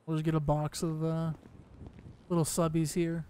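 A man's voice: on the high side, monotone, moderate pace, mellow, a little hiss or hum. A man playing an arms dealer in a game roleplay, chatting casually with laid-back joking asides to his viewers. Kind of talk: casual gameplay commentary and in-character talk.

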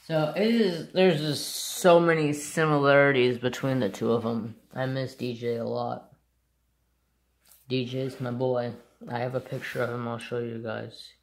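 A man who hosts a crafts channel, casually chatting and rambling about his dogs in an unhurried way. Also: medium pitch, little pitch movement. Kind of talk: casual chat.

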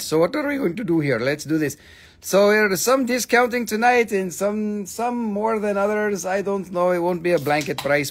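A man casually hosting a live mineral sales stream, swearing and joking as he rambles. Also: fairly high pitch. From Appalachian Valley, USA.

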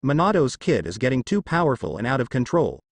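A man's voice: mid-range voice, sing-song, brisk, creaky, no echo. A man voicing a jeering older ninja teacher. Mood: angry. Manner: jeering and shouting.

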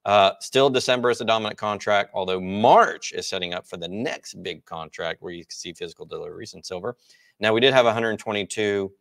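A man's voice: lowish voice, fairly bright tone. A man hosting a market report, explaining charts in a casual, explanatory way. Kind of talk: financial market commentary.

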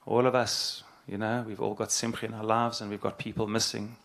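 A middle-aged man, a rabbi, giving an earnest, halting spoken address and repeating phrases for emphasis. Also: fairly low pitch, flat delivery, fairly bright tone.

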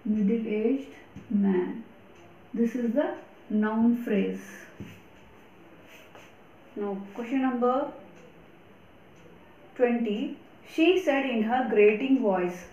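A woman's voice: a little high, dark tone, muffled recording, a little hiss or hum. Woman teaching grammar in an echoey room. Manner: slow, deliberate explanations with repetition. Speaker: English teacher. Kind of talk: recorded grammar lesson.

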